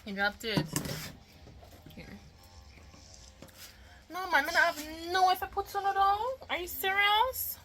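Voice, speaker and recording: A woman's voice: extremely high pitch, very animated, unhurried, long pauses, bright, forceful tone, a little hiss or hum, rough recording. A Jamaican woman and mother chatting casually in a vlog, emotional and talkative, mixing patois with English. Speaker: mother and vlogger.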